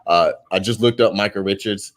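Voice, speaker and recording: Low-voiced man chatting casually. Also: brisk. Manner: rambling, many "like" fillers. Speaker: watchalong co-host. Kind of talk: casual chat.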